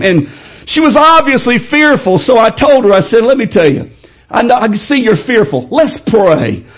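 A man pastor telling a story in a sermon, building into loud, shouted preaching. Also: extremely high pitch, sing-song, moderate pace, lo-fi sound.

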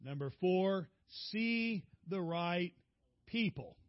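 A male preacher telling personal stories in a folksy, animated sermon. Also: high voice, takes it slowly, no room sound, lo-fi sound.

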